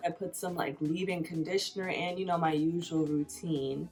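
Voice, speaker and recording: Low-voiced woman vlogger, chatty. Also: steady tone, normal speed, faint music behind. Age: 30s. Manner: chatty, fills every phrase with "like". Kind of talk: casual confessional storytelling.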